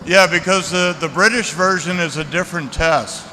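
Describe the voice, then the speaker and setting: A man speaking at a seminar, answering audience questions in a relaxed, conversational way. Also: high-pitched, normal speed. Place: large seminar hall. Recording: echoey hall, faint noise.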